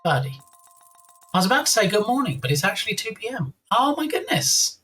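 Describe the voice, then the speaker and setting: Chatty stream host, lively sing-song delivery, casual and playful; faint music underneath. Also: medium pitch, fast. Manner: chatty and playful, reads out viewer names. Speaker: livestream host. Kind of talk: casual live-stream chat, thanking viewers.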